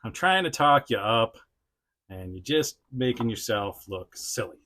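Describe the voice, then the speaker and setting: Bright, forceful dude doing a toy vlog, laughs a lot, ums and restarts, talks to his figure. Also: mid-range voice, animated, unhurried. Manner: rambling, laughs often, chats to the action figure; frequent fillers and self-restarts. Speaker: toy reviewer, channel host. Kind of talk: casual unscripted vlog chat.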